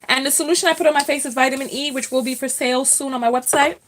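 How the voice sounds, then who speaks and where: A woman's voice: sits high, steady tone, quick pace, few pauses, a bit bright. A woman hosting a casual live stream from home, chatting with viewers, reading their comments aloud and laughing often.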